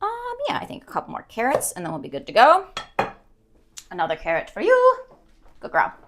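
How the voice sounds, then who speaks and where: A woman's voice: on the high side, wildly swooping pitch, fairly quick, background noise. A young woman streaming, chatting casually, rambling and giggling with many ums.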